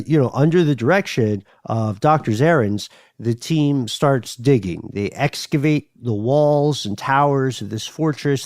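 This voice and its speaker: A man's voice: mid-range voice, darkish tone, no echo, studio quality. Chatty male podcast co-host. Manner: chatty, many fillers and restarts. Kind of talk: casual conversational storytelling.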